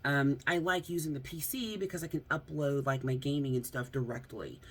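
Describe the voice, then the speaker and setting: A woman's voice: rumbling low, fairly quick, a bit bright. An American woman vlogging casually from home into her phone, rambling with lots of fillers and frequent laughs. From United States. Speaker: YouTuber. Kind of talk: casual vlog chat. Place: at home, seated close to camera. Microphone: phone front camera.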